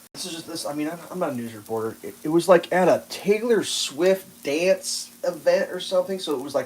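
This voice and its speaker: A man with a fairly high voice talks in a casual, rambling way, full of fillers and swearing. He chats loosely while cooking. Faint kitchen noise sits behind him. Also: low-quality recording. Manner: rambling, profane, filler-heavy. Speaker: livestream host.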